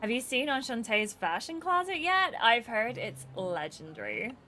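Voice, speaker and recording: A woman doing a brash, excitable American girl. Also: fairly high pitch, normal speed, a little hiss or hum. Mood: excited. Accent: put-on American.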